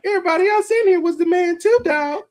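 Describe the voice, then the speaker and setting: A man voicing a brash young cornerback lecturing a new teammate. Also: fast talker. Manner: squeaky, emphatic, repeating "dog".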